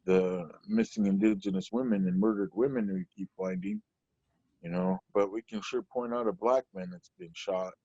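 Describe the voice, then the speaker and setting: A man's voice: lowish voice, animated, moderate pace, creaky, mellow, breathy edge, no room sound. A stand-up comedian from Portland, Oregon, a man telling stories in a loose, rambling way, full of "you know". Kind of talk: conversational storytelling. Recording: dull lo-fi recording, dry.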